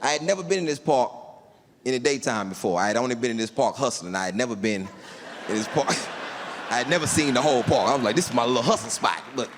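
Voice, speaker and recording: A man's voice: mid-range voice, fast. A man performing stand-up comedy, telling a long story and acting out the people in it. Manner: animated storytelling with voiced quotes. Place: large theater stage before a live audience. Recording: live hall with reverb and faint room noise.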